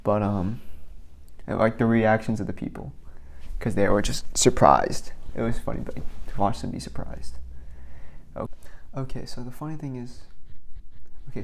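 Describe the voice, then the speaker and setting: Young man rambling, gravelly low voice. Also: a little hiss or hum. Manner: rambling, filler-heavy, many "like"s. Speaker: vlogger. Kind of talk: casual rambling storytelling.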